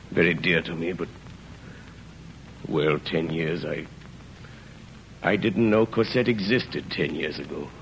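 A sorrowful old convict, super deep gravelly voice, slow halting lines, old radio play. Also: male voice, slight background noise, poor audio. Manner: grave, halting, low-spoken. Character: aging ex-convict, grave and remorseful man. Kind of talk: 1930s radio drama acting.

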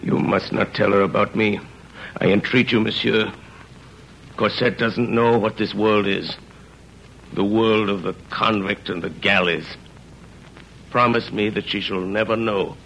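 A remorseful ex-convict in an old radio play, his voice very deep and gravelly. He speaks gravely and haltingly, keeping low, with a faint hiss behind him. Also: steady tone, a bit bright, low-quality recording. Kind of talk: 1930s radio drama acting.

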